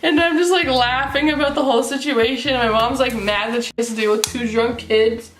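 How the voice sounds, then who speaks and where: A young woman vlogger telling a story casually, animated and giggly, full of fillers. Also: fairly high pitch, brisk, a little hiss or hum. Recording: roomy with faint music.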